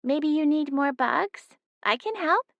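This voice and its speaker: A woman's voice: sits high, lively intonation, takes it slowly, gravelly, dry recording, dull audio, voice pushed up, exaggerated voice. A woman voicing a small, cute young female cat who chatters eagerly in an audiobook. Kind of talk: audiobook narration.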